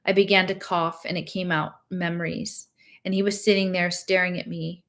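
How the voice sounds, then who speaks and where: Woman with a lowish voice reading a novel aloud. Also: flat delivery, normal speed. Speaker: reader.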